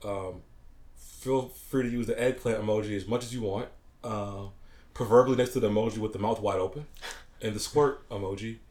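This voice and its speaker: A man co-hosting a casual podcast, joking and animated, often acting out quoted people. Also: lowish voice, fairly quick. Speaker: podcast co-host. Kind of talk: casual chat.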